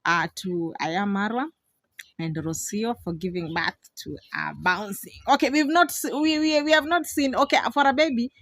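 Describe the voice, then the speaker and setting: A woman's voice: mid-range voice, moderate pace, fairly bright tone, dry recording. Young lady vlogging from the village, chatty and laughy, keeps repeating herself, super dry close sound. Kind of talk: casual vlog commentary. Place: outdoors in a village.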